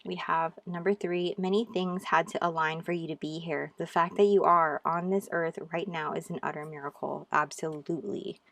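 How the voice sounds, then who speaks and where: Woman, low voice, tarot reader, excited, encouraging, casual chat to camera. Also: normal speed, gravelly, hardly any pauses, a little hiss or hum. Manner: gushing and encouraging, addresses viewers as "you guys". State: out of breath.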